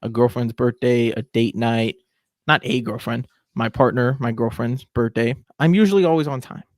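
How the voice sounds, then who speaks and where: A man's voice: medium pitch, normal speed, no echo, studio quality. A man in his twenties hosting a podcast, giving a chatty, opinionated rant in a casual style. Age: 20s. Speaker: podcast host.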